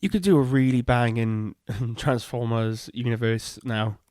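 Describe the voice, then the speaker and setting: Mid-pitched male co-host, relaxed casual chat, dry close sound. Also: unhurried, no echo. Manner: easygoing, brief interjections. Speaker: podcast co-host. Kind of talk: casual chat about films.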